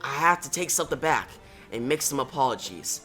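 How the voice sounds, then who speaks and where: A man voicing a desperate male thief in a Santa suit, reading his lines hushed and anxious. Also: mid-range voice, lively intonation, brisk, soft background music.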